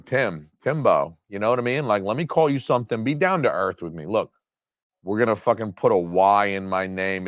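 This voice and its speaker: A man in his thirties, a video host ranting with heavy swearing and sudden jumps up and down in pitch. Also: no room sound, clean studio sound. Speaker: video host reviewing disc releases. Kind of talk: profane comedic rant.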